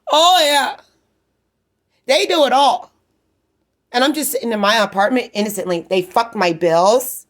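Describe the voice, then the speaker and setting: Agitated, foul-mouthed woman ranting at home. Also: medium pitch. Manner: agitated, profane, rambling rant. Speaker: vlogger. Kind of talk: casual rambling monologue. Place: at home in her apartment.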